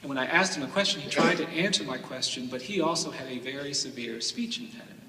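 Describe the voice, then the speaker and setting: An earnest man tells a personal story from a stage, repeating phrases and building them into strong cadences. His voice is bright and forward. It is picked up from a distance and rings through a large hall with long reverb. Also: medium pitch, fast, slight background noise. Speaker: lawyer giving a summit talk. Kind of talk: storytelling speech. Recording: echoey hall from a distant mic.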